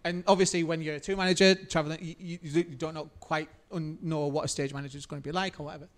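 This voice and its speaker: A fast-talking man with a fairly high voice and steady tone co-hosts a casual podcast. A musician, he tells a rambling anecdote in casual chat, full of fillers and restarts.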